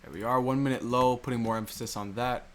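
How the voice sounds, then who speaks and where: A man explains trading in a quick, mid-range voice with fairly even intonation while recording his screen over a chart. Rhetorical questions and repeated key points shape his teaching.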